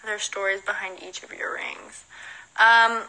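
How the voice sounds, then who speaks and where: A woman's voice: mid-range voice, level tone, a little slow, sharp tone, low-quality recording. A young woman with a Southern American accent, chatting on a livestream, reading out fan questions and answering them with frequent giggles. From Southern United States. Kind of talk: casual livestream Q&A. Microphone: phone.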